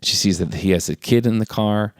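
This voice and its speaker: A man's voice: fairly low pitch, a little fast, no echo, clean studio sound. A man casually recapping a movie plot, acting out characters' lines in raised voices. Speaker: podcast co-host.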